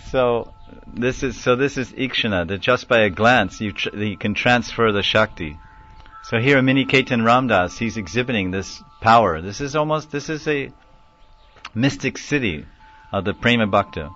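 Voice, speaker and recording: A man's voice: lowish voice, a bit bright. A man giving a conversational devotional lecture, acting out quoted voices and chuckling now and then. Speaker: lecturer on scripture. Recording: dull lo-fi dry recording.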